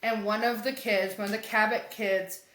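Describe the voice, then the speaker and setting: The room echoes as a podcast co-host with a mid-range voice and moderate pace recaps a comic. Her casual storytelling is lively, full of frequent laughter and performed lines from the characters.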